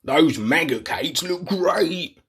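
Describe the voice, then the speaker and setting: A man's voice: lively intonation, takes it slowly, vocal fry, breathy edge, heavily acted. A man voicing a grumpy male troll who growls and snarls his lines in a storybook reading. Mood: pleased. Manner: growls and snarls, loud and low.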